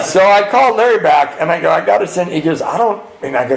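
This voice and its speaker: A man sharing his twelve-step recovery story at a retreat, acting out dialogue and swinging between hushed and loud. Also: a little high, animated, quick pace, creaky, few pauses, crowd noise. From California. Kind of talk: twelve-step share to a live audience. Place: retreat hall with audience. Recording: roomy hall with faint ambience.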